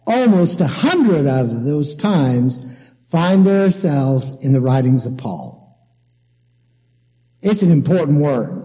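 A man preaching a sermon as pastor, emphatic and deliberate as he explains scripture. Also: a little high, mellow, big-room sound, low-quality recording.

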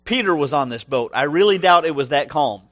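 A man preaching a sermon, animated and humorous, acting out voices from the stories he tells. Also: a little high, fairly quick, no echo. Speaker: pastor.

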